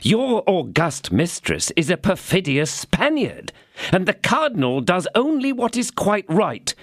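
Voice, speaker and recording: In an audiobook, a man performs a full character voice for a greedy, cowardly middle-aged mercer, pitching it above his own into a high, a bit bright register with wildly swooping pitch. He speaks unhurriedly, smug and pompous, repeating grand phrases, in studio quality with no room sound.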